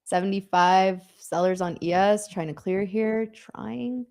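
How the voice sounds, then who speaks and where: A woman's voice: medium pitch, measured pace, a little mellow. A woman co-hosting a live trading stream, chatting casually, laughing often and calling out price levels.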